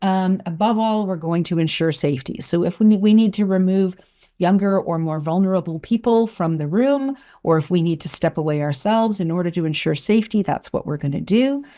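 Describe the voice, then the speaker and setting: A middle-aged woman counsellor giving calm, explanatory parenting advice, often checking in with "right?". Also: lowish voice, a little fast. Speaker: clinical counsellor.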